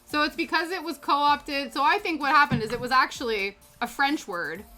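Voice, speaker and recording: British woman, casual stream chat, chatty and laughing, slightly high voice, sharp bright tone, soft music underneath. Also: moderate pace. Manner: chatty, reacts aloud to chat with frequent laughter. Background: faint background music.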